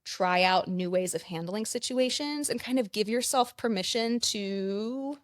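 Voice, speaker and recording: A woman's voice: medium pitch, a little slow, no room sound, clean studio sound. A woman counselor and play therapist explaining ideas in a conversational interview, with frequent "like" fillers.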